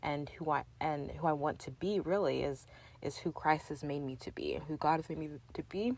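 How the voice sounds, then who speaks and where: A woman's voice: sits low, normal speed, a little mellow. A young woman hosting her own podcast, talking earnestly and encouragingly straight to the listener in a loose, chatty way. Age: young adult. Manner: loose and talky, with fillers and restarts. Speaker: podcast host. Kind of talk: casual solo podcast chat.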